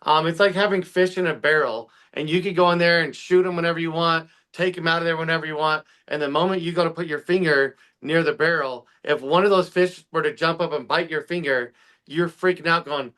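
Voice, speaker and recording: Heated, bright-voiced man ranting. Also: fairly high pitch, steady tone. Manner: fast, heated ranting with profanity. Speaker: podcast co-host. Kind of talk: casual political podcast chat.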